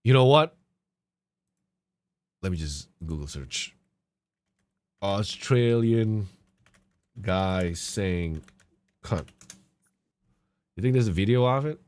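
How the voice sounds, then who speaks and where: Low-voiced, animated podcast host man. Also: takes it slowly, pauses often, no room sound. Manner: profane, animated ranting. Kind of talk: casual podcast rant.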